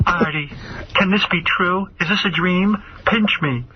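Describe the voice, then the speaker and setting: A man playing a doting, lovesick girlfriend, gushing and theatrical in a put-on accent, with a high, swooping voice that climbs and dives wildly. It plays like a radio comedy phone bit, and the sound is dull with clear noise in the background. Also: big pitch swings, moderate pace. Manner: gushing and theatrical, then snapping into swearing. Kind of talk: prank call comedy bit.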